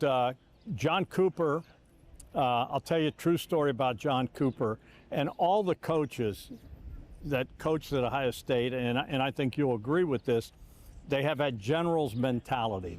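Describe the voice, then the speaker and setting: A man's voice: medium pitch, measured pace. An older man, a longtime sportscaster, telling stories in a reflective interview, often restarting sentences and acting out quoted lines. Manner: animated, repeats words and restarts, acts out quotes.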